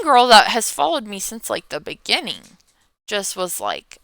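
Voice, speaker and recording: A woman's voice: medium pitch, wildly swooping pitch, a little slow, creaky, a bit bright, no room sound. A tired millennial woman in her thirties, rambling through a casual Q&A vlog, often trailing off and yawning. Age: 30s. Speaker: meme creator.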